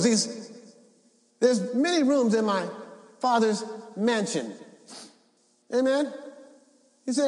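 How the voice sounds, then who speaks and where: High-voiced preacher in an echoey hall. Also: male voice. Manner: preaching, rises to shouts, reads scripture. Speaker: pastor. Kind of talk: Easter sermon. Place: church sanctuary.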